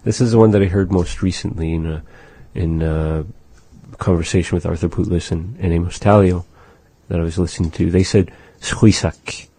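A man teaching vocabulary in a language lesson, slowly explaining phrases and modeling pronunciation for learners to repeat. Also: sits low, steady tone, warm tone, husky, no echo. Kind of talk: language lesson with repetition drills.

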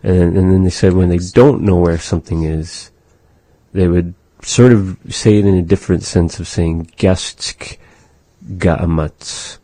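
A man teaching vocabulary in a language lesson, slowly explaining phrases and modeling pronunciation for learners to repeat. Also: low-pitched, fairly even intonation, mellow, no echo. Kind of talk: language lesson with repetition drills.

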